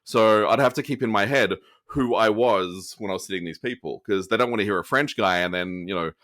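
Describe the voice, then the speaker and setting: An Australian man, an actor guesting on an interview show, talking in an upbeat, animated way with plenty of fillers. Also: fairly low pitch, fairly quick, dry recording, studio quality. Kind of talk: casual interview over a video call.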